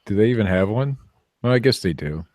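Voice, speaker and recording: Low-voiced guy hosting a podcast, joking around, dry close sound. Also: expressive, fairly quick, a little mellow, no room sound. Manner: joking, rambling with restarts. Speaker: podcast host. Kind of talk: casual banter.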